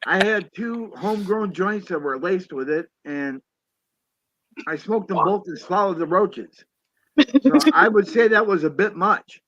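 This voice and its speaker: A man's voice: high-pitched, a little slow, a bit bright, lo-fi sound. A man who is a guest on a casual live chat, joking and bantering with the host. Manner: jokey, banters back.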